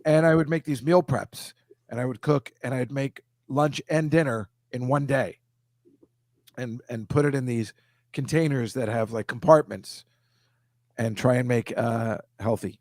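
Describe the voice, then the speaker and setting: A man's voice: medium pitch, measured pace, a little mellow, no echo, studio quality. A middle-aged man, a comedian hosting a casual video-call chat, rambling and self-deprecating, dropping into silly voices now and then. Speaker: comedian host.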